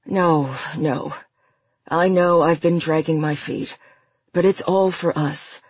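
A desperate man begging his lover to stay, as a narrator voices him. The voice is slow and husky, urgent underneath, recorded dry and close. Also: medium pitch, steady tone, dry recording. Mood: pleading. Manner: pleading, urgent. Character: desperate man, pleading then furious lover.

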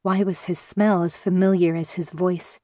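A female audiobook narrator reads scripted first-person fiction in a measured, steady manner. Her voice is on the lower side, and the recording is close and dry with no room echo.

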